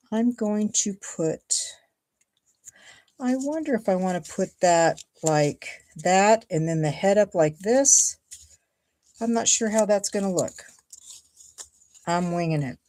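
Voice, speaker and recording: A woman's voice: lowish voice, lively intonation, takes it slowly, pauses often, darkish tone. A woman from Ohio chatting casually and thinking aloud as she makes a paper card. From Ohio, USA. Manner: chatty, thinks aloud while cutting and gluing. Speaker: card-making crafter, host. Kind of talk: casual crafting livestream chat.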